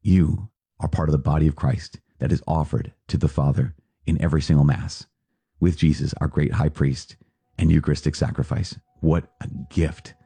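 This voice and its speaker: A man, a priest, giving an earnest sermon-style reflection on a podcast with lively asides. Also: very deep voice, moderate pace, gravelly, slightly rough, dry recording.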